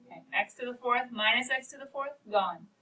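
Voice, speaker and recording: Bright-voiced woman teaching a math class. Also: fairly high pitch, a little fast. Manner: encouraging, playful, talks to equations as people. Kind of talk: classroom lecture. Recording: distant mic with faint noise.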